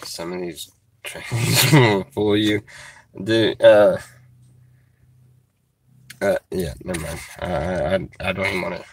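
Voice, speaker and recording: On a livestream, a man chats casually and reads chat comments aloud, halting with many fillers and restarts and chuckling as he goes. His voice sits low with fairly even intonation, and there's a little hiss or hum.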